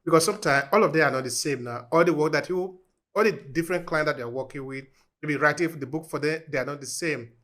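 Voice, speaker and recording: A male podcast host asking measured, polite questions and closing the show. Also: a little high, fairly bright tone. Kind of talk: interview questions and show outro.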